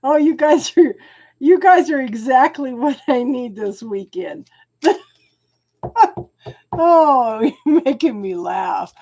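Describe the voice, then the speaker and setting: A woman's voice: high-pitched, lively intonation, slow, pauses often, warm tone. An older woman hosting a casual tarot livestream, chatty and often laughing, greeting viewers by name as she talks. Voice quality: laughs often while talking. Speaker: tarot reader host.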